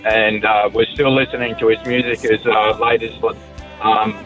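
A man's voice: on the low side, little pitch movement, moderate pace, highs cut off, soft background music. A man calling in to a radio show, speaking hesitantly with many ums and uhs. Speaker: caller. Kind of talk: call-in chat.

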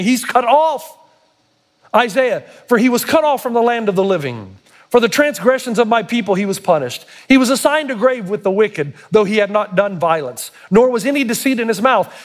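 A man preaching a sermon, building to emphatic, intense passages and acting out quoted prayers and speech. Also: high voice. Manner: acts out quoted prayers and God's words. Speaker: pastor.

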